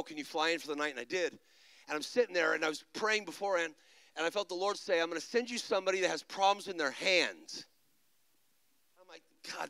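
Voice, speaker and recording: A man preaching a sermon, moving between quiet storytelling and loud, shouted exhortation. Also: sits high, no echo, rough recording. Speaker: pastor. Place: large church stage.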